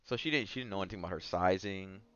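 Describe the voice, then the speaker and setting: Host, young man, casual storyteller, smooth bright tone, jumps from mutters to yelling, dull recording. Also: low voice, very fast, no room sound. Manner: animated, swings from mumbling asides to yelling bursts. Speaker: podcast host telling a dating story.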